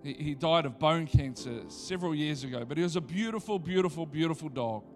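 A man preaching a sermon, building from conversational storytelling to excited, repetitive preaching. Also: fairly high pitch, a little fast, soft background music. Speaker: pastor.

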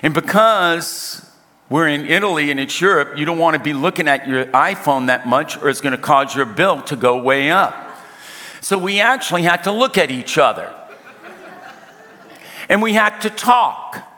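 A man preaching a sermon, telling a personal story with humor and emphatic slowdowns. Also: on the high side, bright, forceful tone. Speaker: pastor. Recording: reverberant hall.

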